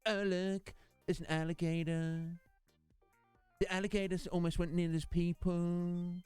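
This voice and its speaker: A man puts on the voice of an irritating video narrator, stretching the end of every sentence into a slow drawl. The imitation sits noticeably higher than his usual register, with a mock-amazed lilt throughout. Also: flat delivery, a little mellow, clear, resonant tone, no echo, faint music behind.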